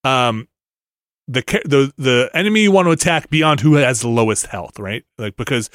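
A middle-aged man rambling through a casual podcast chat, full of restarts and filler words. His voice sits at a middle pitch and is recorded dry and close, with no room sound. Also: expressive, moderate pace, fairly bright tone, no room sound. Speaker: podcast co-host. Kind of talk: casual chat about video games.

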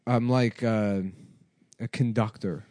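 A man's voice: fairly low pitch, fairly even intonation, slow pace, darkish tone, no room sound. A man co-hosting a podcast in crude comedic banter, joking and laughing often as he spins absurd stories. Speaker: podcast co-host.

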